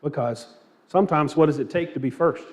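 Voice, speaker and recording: A man's voice: on the high side, a little fast, a little mellow. A man leading a church Bible class, asking the group questions and telling anecdotes with light humor. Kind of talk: interactive Bible class teaching.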